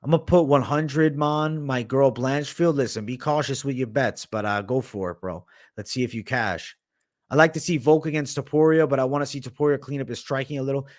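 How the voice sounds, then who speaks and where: A man's voice: medium pitch, brisk. A young man hosting a casual livestream, reading viewers' questions aloud and answering with blunt, slangy opinions. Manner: slangy, says bro and man often.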